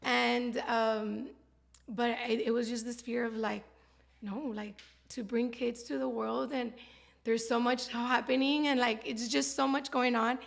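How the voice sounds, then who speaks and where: A woman in her thirties talks candidly as an interview guest. She rambles in a heartfelt way with a gravelly, fry-laden voice pitched a bit high. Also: level tone, unhurried. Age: 30s. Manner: heartfelt, rambling, with frequent laughs. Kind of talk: candid personal interview talk.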